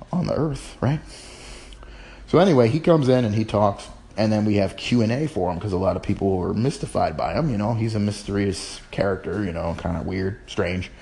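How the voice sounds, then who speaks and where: A man's voice: on the low side, darkish tone. A man hosting his own podcast, chatting in a rambling, playful, casual way. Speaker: podcast host. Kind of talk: casual chat.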